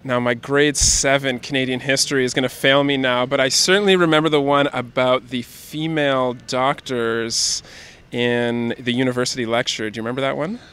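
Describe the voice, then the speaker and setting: A person being interviewed on the street, telling a story in a playful, animated way. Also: medium pitch, moderate pace, clean tone. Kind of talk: casual chat.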